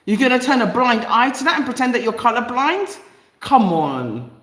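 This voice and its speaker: A woman's voice: fairly high pitch, fast talker, a bit bright. London woman, live stream host, impassioned and repetitive, recorded in a roomy, echoey space. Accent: London English. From East London, England. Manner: passionate, emphatic, repeats phrases for effect. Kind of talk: live stream monologue reading viewer comments.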